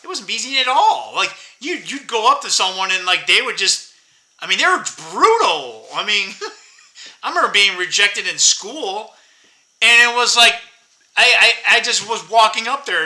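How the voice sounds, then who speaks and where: A man's voice: high voice, pushed and bright, low-quality recording. A man in his fifties rambling bitterly to his viewers in a casual monologue, swearing and laughing to himself. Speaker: vlogger.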